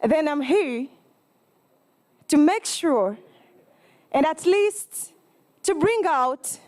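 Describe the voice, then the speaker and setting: A young woman with a Ugandan accent delivers a student campaign speech in a high voice. She talks slowly and earnestly, halting and apologizing as she goes. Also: animated, a little mellow. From Eastern Uganda. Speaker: student election candidate.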